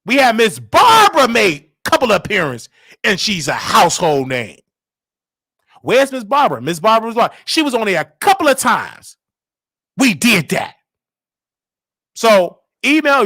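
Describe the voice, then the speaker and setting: A man hosting a casual live show, talking in an animated, sing-song way that swings from loud outbursts to hushed asides, with a Southern US accent. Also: sits high, no room sound. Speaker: host. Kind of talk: casual livestream talk.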